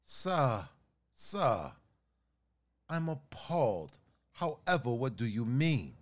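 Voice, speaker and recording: A man's voice: medium pitch, big pitch swings, takes it slowly. A man putting on a smarmy fake-posh salesman. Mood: smarmy polite. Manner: fake refined accent, soft and overly courteous. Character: phony polite male restaurant salesman. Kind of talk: comedy sketch.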